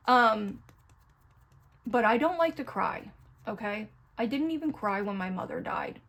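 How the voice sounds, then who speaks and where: A woman's voice: fairly high pitch, gravelly. Chatty woman rambling while doing makeup. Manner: chatty, rambling, candid, talks to viewers directly. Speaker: beauty vlogger. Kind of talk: casual get-ready-with-me chat.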